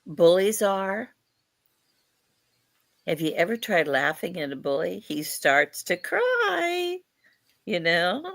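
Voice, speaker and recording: A woman's voice: lowish voice, a bit bright, no echo. A woman voicing a playful fairy spirit who calls itself a leader, giving a mischievous, lecturing channeled message.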